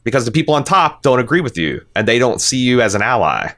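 A man's voice: mid-range voice, sing-song, quick pace, fairly bright tone. A man hosting a podcast, talking casually and bluntly, swearing freely as he reads listener comments and gives his opinions. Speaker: podcast host.

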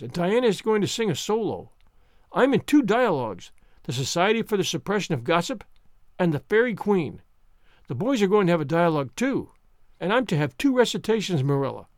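A man voicing a chatty, dreamy, excitable orphan girl in a storybook reading, speaking in a gushing, romantic way. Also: sits high, dry recording, clean studio sound.

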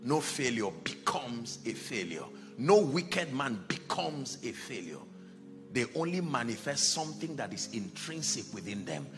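A man preaching a sermon as pastor, dramatic, dropping to a hush and rising to shouts, acting out the people in his stories. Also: mid-range voice, big pitch swings, unhurried, faint music behind. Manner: acts out Bible characters in quoted dialogue.

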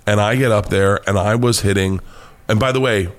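Profane, animated American comedian telling stories. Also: male voice, fairly low pitch, fairly quick. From United States. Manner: profane, animated storyteller, laughs often. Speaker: comedian guest. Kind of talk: casual storytelling interview.

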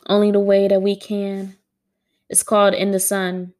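A woman poet at home, reading her own poems aloud and chatting to her listeners between them, a bit dramatic and quick to laugh at herself. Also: mid-range voice, completely flat delivery, darkish tone. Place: at home with a dog on a wooden floor.

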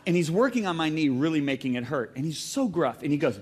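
A male preacher on stage at a church, his voice sitting a little high and swinging widely in pitch as he tells stories. He preaches in an animated way, breaks into loud exclamations and gets the congregation to call out answers. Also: fast, hardly any pauses, slightly rough. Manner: calls on the congregation to shout back. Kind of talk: sermon. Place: church hall before a congregation.

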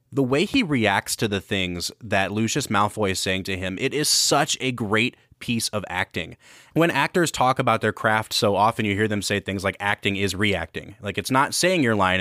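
A man's voice: lowish voice, fairly bright tone, dry recording. A man co-hosting a podcast, talking through a film with enthusiasm and close attention to acting. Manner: enthusiastic, analytical. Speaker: podcast co-host. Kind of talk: casual film review chat.

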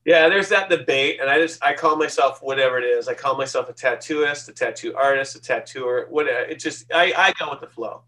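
A man in his fifties, a tattoo artist, telling lively anecdotes in an interview. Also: medium pitch, fairly quick, few pauses, distant mic, a little hiss or hum, poor audio. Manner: lively anecdotal, acts out quoted voices. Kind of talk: storytelling interview.

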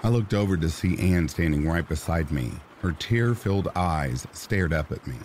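Deep, unhurried male horror narrator, somber delivery, soft rain underneath. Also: expressive, a little hiss or hum. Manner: slow, somber storytelling. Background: rain sounds.

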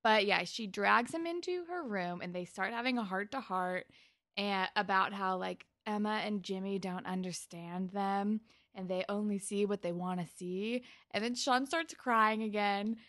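A woman's voice: medium pitch, unhurried, a bit bright, dry recording, clean studio sound. A young woman co-hosting a casual podcast, chatty and amused as she talks through an episode. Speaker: podcast co-host. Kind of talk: casual chat.

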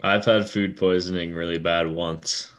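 A tired man co-hosting a casual sports podcast, chatting with dry, deadpan humor. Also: low voice, a little slow. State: tired and yawning. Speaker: podcast co-host. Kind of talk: casual chat.

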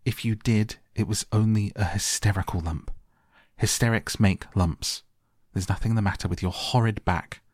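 A man's voice: low voice, steady tone, slow pace, no room sound, clean studio sound, heavily acted. A man reading aloud, voicing a sour, furious little girl who scolds and commands a sick boy. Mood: fierce scolding.

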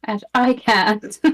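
A co-host in a casual chat, mostly giving short listening sounds and the odd dry quip. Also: sits high.

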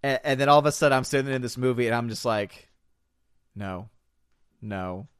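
A man's voice: medium pitch, racing, smooth, no echo. Man, casual podcast host, rambling, laughs a lot, dry close sound. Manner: rambling, laughs often, animated quotes. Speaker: podcast host reading chat. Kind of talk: casual chat.

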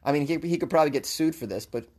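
Guy riffing on a news story, jokey and rambly, kinda higher voice, pokes fun at himself a lot. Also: lively intonation, rapid-fire, darkish tone. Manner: rambling, joking, self-deprecating asides. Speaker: comedic news commentator. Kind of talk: comedic commentary on a news story.

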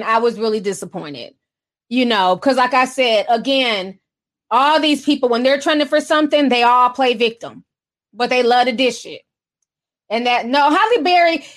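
Woman, high-pitched, sassy, animated, livestream gossip host, casual chat. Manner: sassy, animated, chatty with mocking voiced quotes. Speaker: livestream host reading super chats. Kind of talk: casual celebrity gossip commentary.

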